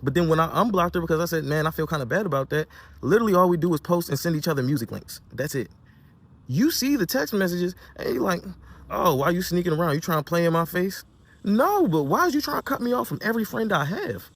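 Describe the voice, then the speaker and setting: A young man rattles through his side of a breakup in a rapid, heated rant. His voice sits a little high for a man. He acts out everyone's lines, swinging from quiet to loud. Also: big pitch swings. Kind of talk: heated personal storytelling rant.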